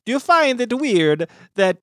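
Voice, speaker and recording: Woman doing a plumber hero, male, hammy Italian accent, bossy, blustering, lively pitch. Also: unhurried, dry recording, studio quality. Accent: hammy put-on Italian. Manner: blustering, scolding. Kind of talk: improvised podcast parody.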